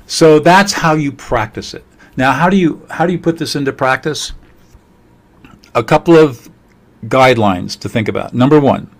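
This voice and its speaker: A man presents a leadership webinar in a mid-pitched voice, speaking in an earnest, measured way. When he runs through lists of feelings, his voice goes quiet and slow. It sounds like he is talking into a webinar microphone. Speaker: emotional intelligence trainer.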